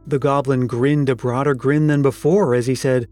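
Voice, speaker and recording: A man reading a classic story aloud in a measured, expressive narration. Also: fairly high pitch. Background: faint music.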